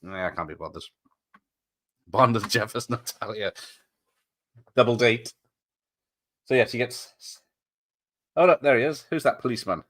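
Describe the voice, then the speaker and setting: A man's voice: medium pitch, expressive, normal speed, long pauses, a bit bright. A man streaming a watch party, chatting casually, laughing often and replying to viewers. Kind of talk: casual live commentary.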